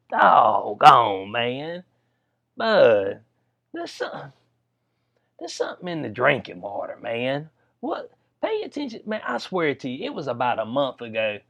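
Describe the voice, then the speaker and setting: A man's voice: on the high side, fairly bright tone, muffled recording. A man giving casual, rambling commentary on news stories, full of slang and frequent laughter. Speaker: political commentary vlogger.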